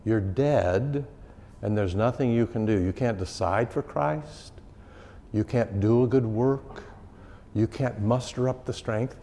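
A man's voice: mid-range voice, slow, mellow, slight background noise. A man, a pastor, teaching a catechism class in a conversational way and repeating key phrases for emphasis. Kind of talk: informal teaching talk. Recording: long reverb of a hall.

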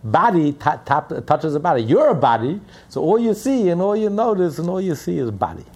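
A man voicing an elderly, gentle Hasidic rebbe with a Polish Yiddish accent, explaining patiently. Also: fairly high pitch, very animated, a little fast, slightly rough, pitched above the performer's own voice, exaggerated voice. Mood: gently explaining.

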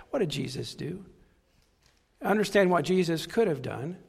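A man's voice: high-pitched, moderate pace, vocal fry, husky, in a large hall. A man preaching a sermon with passion, repeating key phrases for emphasis. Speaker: pastor.

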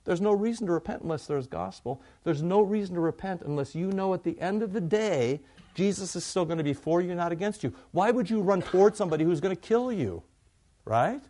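A man's voice: high-pitched, lively intonation, a little fast, dark tone. A man preaching a sermon in a conversational way, often asking questions and answering them himself.

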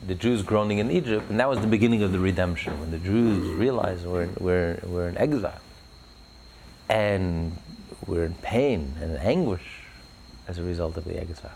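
A man's voice: sits low, moderate pace, gravelly, a little mellow, a little hiss or hum. A man giving an impassioned religious talk in an interview, fervent and building to emphatic peaks. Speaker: religious speaker.

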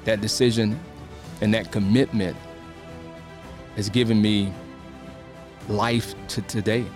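A man's voice: fairly low pitch, fairly even intonation, slow pace, music in the background. A man, a minister, telling his own story in a sermon and encouraging his listeners. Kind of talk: testimony sermon.

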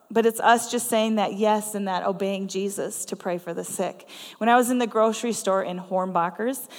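Woman preaching in a reverberant church hall. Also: medium pitch. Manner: conversational and earnest, with frequent laughs. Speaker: guest preacher. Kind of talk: storytelling sermon. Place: church sanctuary.

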